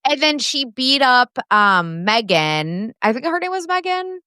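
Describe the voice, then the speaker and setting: A woman's voice: high-pitched, sing-song, a little slow, bright, forceful tone, smooth, dry recording, studio quality. A young woman co-hosting a podcast, chatting casually with lots of fillers and the odd swear word. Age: young adult. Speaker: podcast co-host. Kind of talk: casual pop culture chat.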